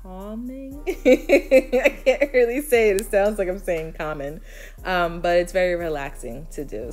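Low-voiced woman with a Brooklyn accent. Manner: chatty, step-by-step, frequent ums. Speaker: DIY vlogger. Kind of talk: casual tutorial voice-over.

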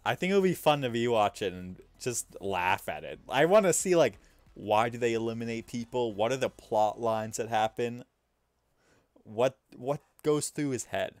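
Commenting casually on his own gameplay during a stream, this young man is chatty and self-deprecating, laughing at himself as he swings between mumbling and sudden loud bursts. His pitch sits in the middle, his delivery is animated at a normal speed, and the recording is dry.

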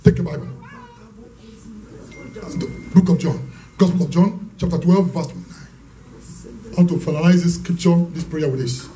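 A man preaching a fervent sermon as pastor, shouting declarations and praying in tongues. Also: fairly high pitch, normal speed, long pauses, noisy background.

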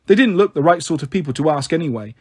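A man reading a children's storybook aloud, expressive and voicing each character. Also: on the high side, quick pace, slightly rough. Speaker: audiobook narrator.

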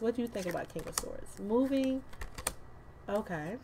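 A woman's voice: a little high, expressive, normal speed, a little mellow, a little hiss or hum. A woman doing a casual tarot reading to camera, chatty and loose, with slang, swearing and laughing asides. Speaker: tarot card reader.

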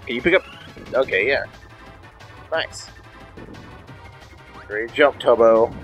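A man's voice: medium pitch, slow, faint music behind. A young man co-hosting a game playthrough, cheering, swearing and heckling in casual banter. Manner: excitable, profane, cheering and heckling. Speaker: co-host watching a playthrough. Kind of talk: casual let's-play banter.

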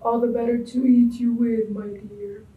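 A woman voicing a hungry, sly, wicked male wolf in a storybook reading, speaking in a low, slow, menacing drawl. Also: level tone, echoey room, far from the mic, narrow, tinny audio, natural voice.

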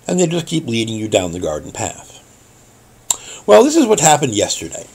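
A man's voice: medium pitch, wildly swooping pitch, moderate pace, creaky, darkish tone, slightly rough. A middle-aged man hosting a tech help show, telling a wry, indignant story and earnestly warning viewers. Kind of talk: ranting vlog monologue.

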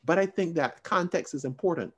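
A man with a fairly high voice teaching a Bible study over a video call. He talks in an expressive, emphatic way, lifting his voice to stress a point and then dropping into quiet asides. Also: fairly quick, breathy edge. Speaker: Sunday school teacher.

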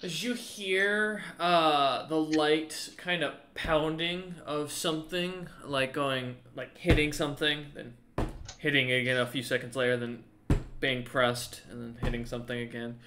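A man's voice: on the high side, fairly even intonation, measured pace, reverberant, background noise. A man narrating as game master, rambling along with many fillers and self-corrections.

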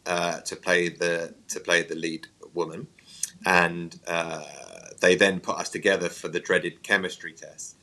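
A man's voice: deep voice, little pitch movement, a little slow, pushed and bright, rough recording. An English actor in his thirties, chatting in an interview, rambling and teasing with self-mocking humour. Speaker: actor guest. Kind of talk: casual interview chat.

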